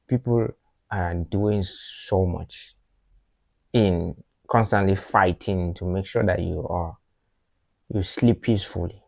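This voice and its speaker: A man from Africa comments on a video in a casual, earnest and reflective way, often circling back on his words. His voice is low-pitched and recorded dry and close. A faint clicking sound is heard. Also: vocal fry, darkish tone, no echo. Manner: earnest, reflective, repeats himself. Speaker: reaction video host.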